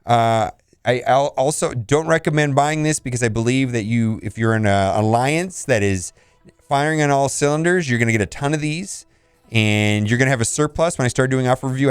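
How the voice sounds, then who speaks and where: A man's voice: mid-range voice, brisk, clean tone, dry recording. A man hosting a casual game video, reviewing store offers with blunt verdicts and laughs. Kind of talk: casual commentary.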